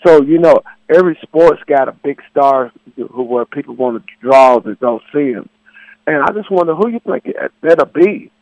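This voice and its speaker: A man's voice: on the high side, animated, normal speed, darkish tone, dry recording, lo-fi sound. A man calling in to a sports radio show over the phone, earnest and emphatic. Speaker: radio caller. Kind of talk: call-in radio chat. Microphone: phone line.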